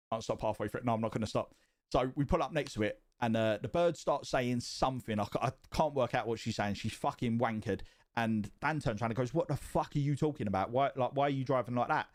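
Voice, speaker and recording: Animated man telling a story. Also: medium pitch. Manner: profane and animated, rising excitement. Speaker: streamer. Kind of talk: casual storytelling.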